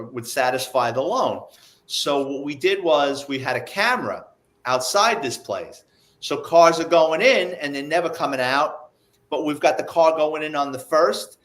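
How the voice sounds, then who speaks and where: A man, telling old police stories in a relaxed, chatty way and acting out the people in them. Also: fairly high pitch. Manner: animated, acts out the people in his stories. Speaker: guest, retired police investigator. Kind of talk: casual storytelling.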